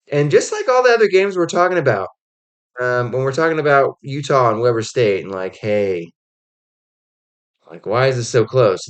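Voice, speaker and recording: A man giving casual college football commentary, rambling with lots of "like" and "um" and acting out quotes as he goes. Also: lowish voice. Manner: rambling, heavy on "like" and "um" fillers; animated storytelling with acted-out quotes. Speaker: college football podcast host.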